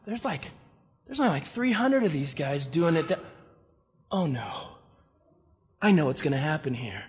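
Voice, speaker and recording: A man preaching a sermon, animated and humorous, with incredulous asides. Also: fairly high pitch, moderate pace, husky. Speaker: pastor. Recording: long reverb of a large hall.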